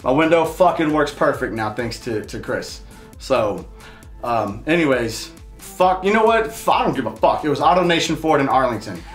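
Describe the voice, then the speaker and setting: A man's voice: medium pitch, animated, normal speed, roomy sound, soft background music. A man hosting his show, telling a heated, profane story in a casual rant. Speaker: show host. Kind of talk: casual ranting monologue.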